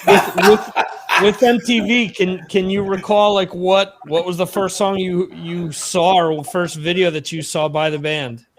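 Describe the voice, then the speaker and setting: An American man hosts a casual livestream chat, his voice sitting high for a man. He rambles along, restarting his sentences and circling back on his points. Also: steady tone, measured pace, a little hiss or hum. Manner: chatty, rambling with many restarts. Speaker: podcast host.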